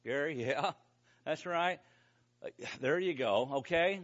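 High-voiced preacher telling a mission story. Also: male voice, slow pace, highs cut off. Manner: conversational, animated storytelling with asides to the audience. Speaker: preacher giving a mission report. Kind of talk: storytelling sermon to a congregation.

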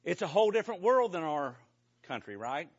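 A man preaching to a congregation, telling a lively story about a mission trip with casual asides to the listeners. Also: a little high, brisk, slightly rough, muffled recording. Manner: conversational, animated storytelling with asides to the audience. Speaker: preacher giving a mission report.

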